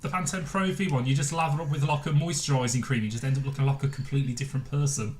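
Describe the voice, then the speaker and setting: A man's voice: medium pitch, fairly even intonation, racing, a little mellow, a little hiss or hum. A man co-hosting a comedic radio show, playful and game for jokes. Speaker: radio co-host.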